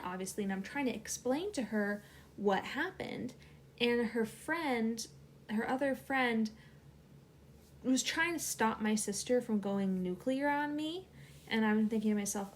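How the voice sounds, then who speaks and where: A woman's voice: fairly high pitch, slight background noise. A young adult woman, a channel host, telling a personal story casually with many fillers.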